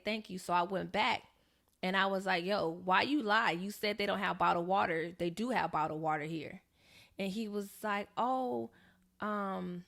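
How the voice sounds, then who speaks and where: A young woman tells a story on her podcast, and her voice has a gravelly edge. She chats casually and slips into the voices of the people she quotes. Her pitch sits in the middle for a woman. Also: fairly bright tone. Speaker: podcast co-host.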